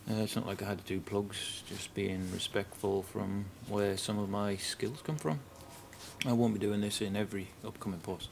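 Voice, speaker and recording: A man's voice: lowish voice, fairly even intonation, normal speed, gravelly, slight background noise. A man with a northern English accent giving casual commentary for a game guide, hesitant and a bit nervous, with many ums and uhs. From northern England. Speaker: video game guide maker. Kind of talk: casual first-time commentary.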